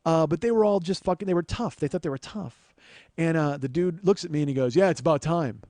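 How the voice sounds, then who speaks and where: A man with a fairly high voice tells a comic story in a sardonic, swearing rant. The sound is dry and close, with no room echo. He is a podcast host. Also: a little fast, warm tone. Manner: profane, sardonic, ranting. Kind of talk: comedic storytelling monologue.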